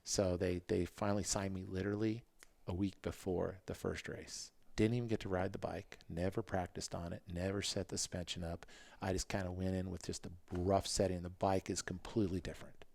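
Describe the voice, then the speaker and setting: A man in his fifties, a podcast guest, telling racing stories in a casual, animated way and acting out what people said. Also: fairly quick, vocal fry, dry recording. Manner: animated, acts out quotes in a higher voice. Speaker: podcast guest, former motocross racer. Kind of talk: casual interview storytelling.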